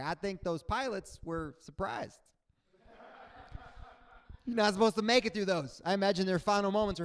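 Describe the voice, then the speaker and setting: A young adult man performing a stand-up comedy set, animated, jumping into loud high voices for the people in his stories. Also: normal speed, long pauses, smooth. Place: comedy stage before a live audience.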